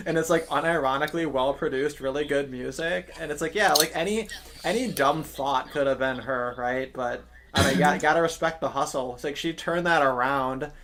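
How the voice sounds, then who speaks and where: Male stream host with a slightly high voice; rambling, profane, laughs easily. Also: moderate pace, fairly bright tone, a little hiss or hum. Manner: rambling, profane, laughing often, many restarts. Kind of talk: casual chat.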